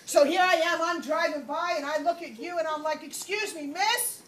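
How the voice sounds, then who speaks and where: A woman network marketing trainer giving a lively motivational talk on stage, acting out little scenes and laughing as she goes. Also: sits high, a little fast. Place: event room on a cruise ship. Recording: roomy, from far off, light background noise.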